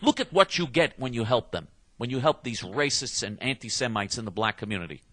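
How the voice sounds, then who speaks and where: Angry ranting man, bright edge. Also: mid-range voice, animated, brisk, no echo. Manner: angry, combative, emphatic with repeated restarts. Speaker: political commentator. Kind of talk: heated monologue rant.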